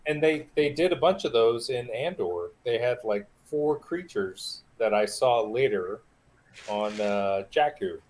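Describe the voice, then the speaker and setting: A man's voice: medium pitch, expressive, a little slow, a little mellow, slight background noise. Hesitant man in casual chat. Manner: hesitant, searching for words.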